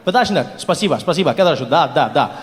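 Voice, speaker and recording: A man playing a shady man on the phone, in a mock Russian accent and rapid mumbled talk. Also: on the high side, animated, long reverb tail, lightly acted. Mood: scheming. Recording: live theater with audience.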